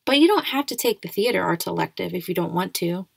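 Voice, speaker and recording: A woman voicing a friendly, earnest ten-year-old schoolgirl in a storybook reading, eager and quick to scold rudeness. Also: lowish voice, lively intonation, vocal fry, slightly rough, dry recording, exaggerated voice. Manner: eager, scolding when upset.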